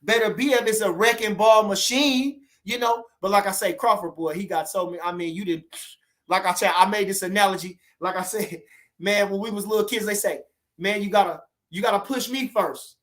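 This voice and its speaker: A man's voice: high voice, a little fast, a bit bright. A man hosting a casual boxing livestream, talking loosely and animatedly, full of "you know what I'm saying" asides. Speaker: boxing channel host.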